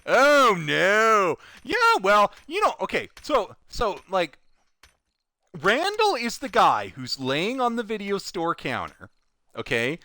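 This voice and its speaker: Man, casual storytelling, very lively pitch swings, bright tense tone, dry close sound. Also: slow, dry recording. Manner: animated, swings loud and soft, acts out quoted people. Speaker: streamer telling a story.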